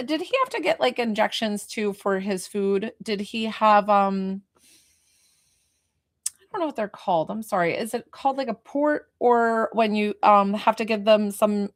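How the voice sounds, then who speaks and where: A woman works as a psychic medium, giving a live spirit reading to a viewer in a mid-range, unhurried voice. Her delivery is rambling and hesitant, full of fillers and restarts.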